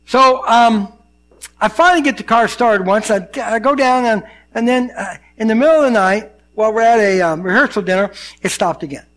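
A man's voice: sits high, moderate pace. An older man, a pastor, preaching a sermon and telling personal stories, acting out the people in them. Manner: animated storyteller, acts out dialogue.

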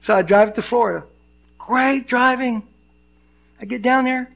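An older man preaches from the pulpit in a church, his voice pitched high with a rough, gravelly edge. He tells stories from his own life and acts out the people in them. The manner is animated and personal. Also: takes it slowly, pauses often. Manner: animated storyteller, acts out dialogue. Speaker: pastor. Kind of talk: sermon with personal storytelling.

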